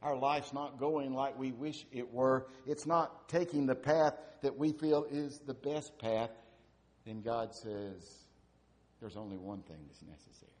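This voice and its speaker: A man's voice: mid-range voice, takes it slowly, darkish tone. A man preaching a sermon, asking repeated rhetorical questions and building to emphatic peaks.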